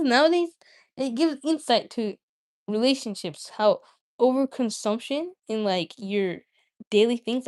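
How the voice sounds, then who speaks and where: A woman's voice: on the high side, a little mellow. A young woman hosting a livestream, chatting casually with viewers in a rambling, self-interrupting way. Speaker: livestream host.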